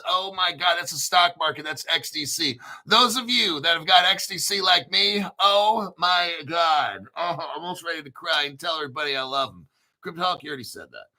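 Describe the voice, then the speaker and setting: A middle-aged man hosting crypto commentary, reading an article aloud while getting excited, swearing and joking back at himself. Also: high-pitched, moderate pace. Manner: excitable, profane, jokes and talks back to himself.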